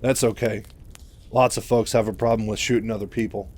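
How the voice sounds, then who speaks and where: A man's voice: on the low side, fairly even intonation, fairly quick, darkish tone, close to an everyday voice. A man voicing a brash frontier marine commander who talks in a folksy, exclaiming way. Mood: steady.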